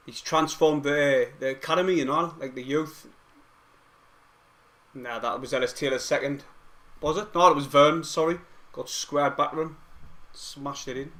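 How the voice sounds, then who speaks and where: A young man with a broad Mackem accent from Sunderland, hosting a fan live stream with casual slangy chat and excited play-by-play. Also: on the high side. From Sunderland, England.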